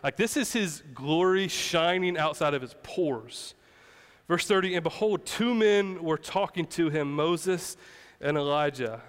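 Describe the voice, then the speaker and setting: Casual-talking pastor preaching in a hall. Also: male voice, on the high side. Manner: casual, conversational preaching with fillers and playful asides. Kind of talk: sermon.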